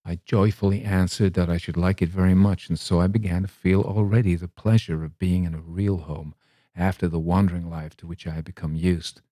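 Deep, mellow male story reader. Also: fairly even intonation, brisk, no room sound, clean studio sound. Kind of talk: storybook reading.

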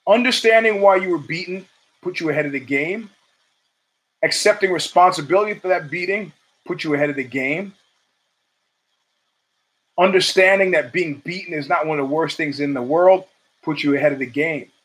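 A man hosting his own talk show in a loose, rambling monologue, with a voice pitched a little above the usual male range. He swears freely, trails off into asides, and pushes his voice higher when he acts out what other people said. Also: normal speed, pauses often, fairly bright tone, slightly rough, poor audio. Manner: rambling, profane, with asides and restarts; acts out quotes in a raised pitch. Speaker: podcast host. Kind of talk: casual monologue.

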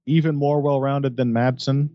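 A man's voice: mid-range voice, fairly even intonation, normal speed, dry recording. A man co-hosting a podcast, giving laid-back fight analysis with jokey asides. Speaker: podcast co-host. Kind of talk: casual sports chat. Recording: dry, slightly dull lo-fi audio.

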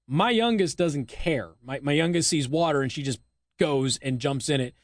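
A man from the United States hosts his radio show, talking in a loose, chatty way with little asides. His voice sits a bit higher than most men's, and the studio sound is close and dry with no room echo. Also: moderate pace. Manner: chatty and conversational, with asides and small laughs. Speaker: radio talk show host. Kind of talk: casual talk radio monologue. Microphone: studio microphone.

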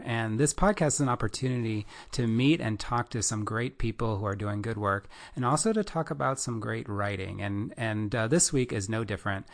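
Man, 60s, podcast host, low-pitched, friendly, casual intro.

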